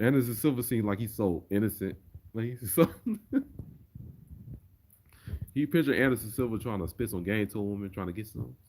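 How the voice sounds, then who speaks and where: A man's voice: lowish voice, normal speed, pauses often, darkish tone. A man chatting casually on a livestream and reading viewer comments aloud. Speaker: streamer.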